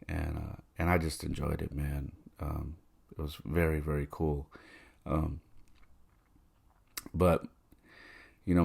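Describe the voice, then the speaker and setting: A man's voice: very deep voice, gravelly. A man hosting a podcast, telling a personal story in a tender, confiding way, moved with emotion. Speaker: podcast host. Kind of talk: personal reflective monologue.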